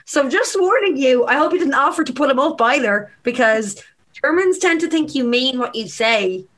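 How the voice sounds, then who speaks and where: A young woman co-hosting a podcast, reacting quickly and teasing her friend in casual chat. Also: high-pitched, animated, fairly bright tone. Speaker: podcast co-host.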